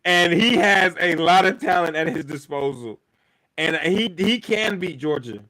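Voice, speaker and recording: Emphatic, bright-voiced sports podcast man. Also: high voice, measured pace, rough recording. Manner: emphatic, repeats points for effect, swears freely. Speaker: podcast co-host. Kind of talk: casual sports debate.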